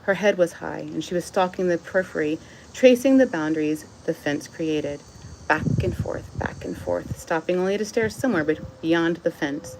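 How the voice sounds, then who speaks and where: A woman's voice: on the low side, moderate pace, creaky, darkish tone, slight background noise, poor audio. A woman reading her own book aloud outdoors into a phone, emotional and close to tears, with personal asides. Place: outdoors in the sun.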